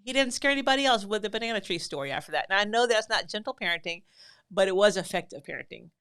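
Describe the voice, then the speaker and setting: A woman's voice: mid-range voice, animated, fast talker, a bit bright, clear, resonant tone. A middle-aged woman, a podcast host and mother of many, telling a story in a chatty, self-deprecating way and often restarting her sentences. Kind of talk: casual anecdotal storytelling.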